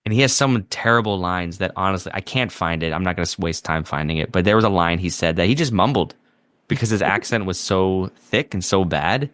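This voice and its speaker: A man's voice: sits low, a little fast, a bit bright, no echo, studio quality. A man co-hosting a podcast, talking about a movie in a wry, sardonic way. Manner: wry, sardonic, quotes lines with mock voices. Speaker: podcast co-host. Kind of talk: casual movie review chat.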